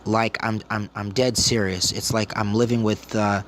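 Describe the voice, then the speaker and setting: A man's voice: fairly low pitch, flat delivery, moderate pace, a bit bright, a little hiss or hum. A man of thirty, rambling through a story to his viewers in a casual vlog, repeating himself as he goes. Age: 30s. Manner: rambling, repetitive retelling. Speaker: vlogger.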